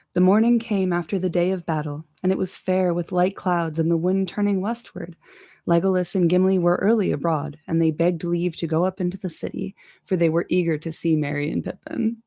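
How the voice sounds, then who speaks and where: Woman, casual reader with irreverent asides, low creaky voice. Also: dark tone, no echo, studio quality. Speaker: podcast reader. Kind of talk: casual audiobook reading with asides.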